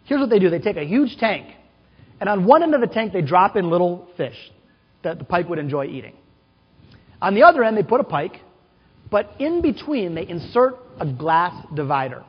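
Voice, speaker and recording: A man with a high, husky voice and big pitch swings speaks at normal speed as keynote speaker at a conference. In a large conference hall, he tells stories with quoted voices and questions for the audience, captured in a dull recording with hall echo.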